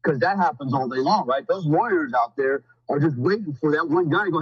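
Husky-voiced man, blunt and rambling. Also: a little high, lively intonation, brisk, no room sound, highs cut off. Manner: blunt and profane, rambling with many fillers. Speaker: podcast guest. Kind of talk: casual storytelling.

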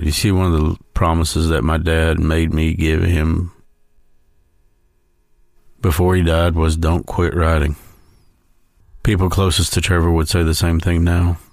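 A man hosting a podcast, telling a slow, heartfelt personal story in a storytelling tribute. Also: deep voice, dry recording, clean studio sound. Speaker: podcast host.

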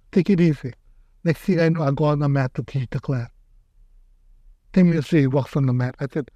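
A man's voice: on the high side, no echo, highs cut off. An older man, an aikido teacher, telling stories in a casual interview and acting out what people said. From Hawaii. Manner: animated, acts out quotes in raised voice.

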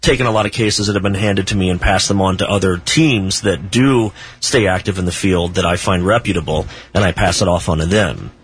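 A man, a paranormal author and researcher, telling stories as a guest on a radio talk show in a measured way, with dry asides. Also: sits low.

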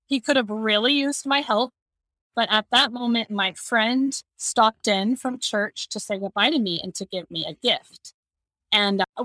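A woman guest on a podcast who tells a story in an animated way and laughs as she talks. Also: fairly high pitch, dry recording. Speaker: podcast guest, communications manager. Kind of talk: conversational storytelling.

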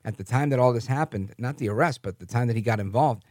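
Man, political commentary host, conversational, keeps asking right, mid pitch, dry close sound. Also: fast, a little mellow, no room sound. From New Jersey.

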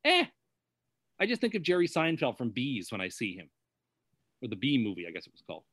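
Bright, hesitant male co-host. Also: medium pitch, huge pitch swings, brisk, no room sound, clean studio sound. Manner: hesitant, lots of "like" and "sort of". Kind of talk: casual chat.

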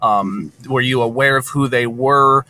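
A man hosting a podcast, asking halting questions with many fillers. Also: mid-range voice, bright, forceful tone, slight background noise. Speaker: podcast host. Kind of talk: interview questions.

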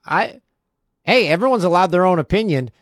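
Lively, enthusiastic man hosting sports talk. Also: high-pitched, a little fast, dry recording, clean studio sound. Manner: enthusiastic, effusive. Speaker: podcast host. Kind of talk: casual sports chat.

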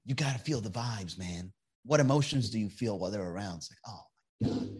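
A man hosts a comedy podcast, chatting casually and reading viewer comments with profanity and sarcasm, often laughing at his own jokes. His lowish voice is a little mellow with a breathy edge, lively intonation, and a fairly quick pace.

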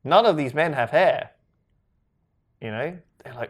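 A man's voice: on the high side, animated. A man co-hosting a podcast, chatting casually and making rambling jokes. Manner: joking, rambling, quick to laugh. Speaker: podcast co-host. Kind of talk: casual chat.

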